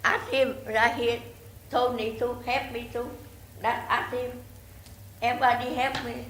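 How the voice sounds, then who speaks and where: A woman with a Vietnamese accent, a native Vietnamese speaker, pleading during public comment at a city council meeting in halting, broken English full of restarts and repetitions. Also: fairly high pitch, level tone, fairly bright tone. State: distressed, pleading. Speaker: resident giving public comment. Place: city hall council chamber. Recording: echoey chamber with faint background noise.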